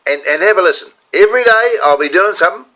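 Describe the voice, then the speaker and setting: Middle-aged man, New Zealand accent, ranting vlog monologue, lively swooping pitch, bright forceful tone. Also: quick pace, rough recording. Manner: animated, ranting, reads a letter aloud with asides. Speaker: vlogger and motivational speaker.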